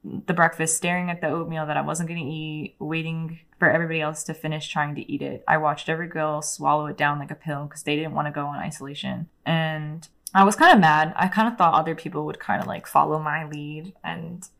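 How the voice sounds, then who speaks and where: A young woman, an interview guest, speaks in a somewhat low voice. She tells her story casually and frankly, swears freely and fills her sentences with "like". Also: fairly even intonation, brisk, creaky, few pauses, fairly bright tone. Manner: candid, profane, heavy use of "like".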